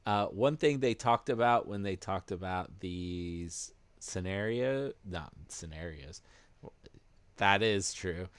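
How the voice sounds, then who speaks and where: A man with a very low voice hosts a casual podcast and moves through the news at an unhurried pace. He explains things haltingly and leans on plenty of fillers. His voice sounds dry and close to the mic. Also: dry recording. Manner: hesitant, filler-heavy explaining. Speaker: podcast host presenting news.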